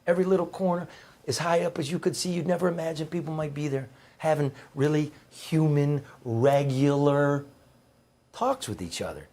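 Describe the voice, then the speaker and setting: A man's voice: on the high side, moderate pace, darkish tone. A middle-aged man, a former reporter, telling heartfelt stories in a rambling, emphatic way. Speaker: guest, former newspaper reporter. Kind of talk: conversational storytelling.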